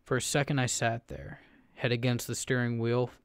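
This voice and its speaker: A man narrating a first-person horror story in a steady, low storytelling delivery. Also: moderate pace, creaky, clear, resonant tone, no room sound, clean studio sound.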